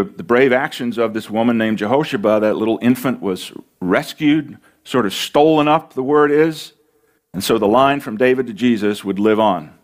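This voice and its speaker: A man preaching a sermon as pastor, earnest and emphatic, slowing down and pausing for dramatic weight. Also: medium pitch.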